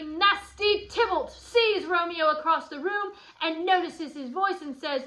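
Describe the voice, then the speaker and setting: A woman's voice: high-pitched, slow, sharp tone, low-quality recording. A woman teaching a guided study lesson, explaining a play in a playful, chatty way with asides to her students.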